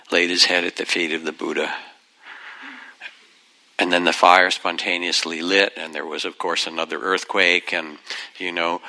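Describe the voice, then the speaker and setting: An older man leads a dharma talk, telling old teaching stories gently and without hurry. His voice sits very low with a gravelly edge. Even so, the tone comes across bright and forward. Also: low-quality recording. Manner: gentle, unhurried, reflective, softens into asides. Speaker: meditation teacher.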